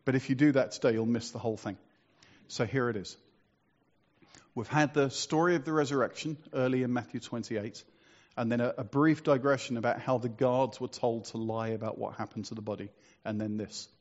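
A man's voice: medium pitch, fairly even intonation, fairly quick, muffled recording. A man preaching a sermon in a conversational, storytelling way, asking rhetorical questions.

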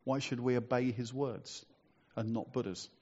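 A man's voice: medium pitch, steady tone, moderate pace, dark tone, breathy edge, muffled recording. Man preaching a conversational sermon. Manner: conversational, storytelling, asks rhetorical questions.

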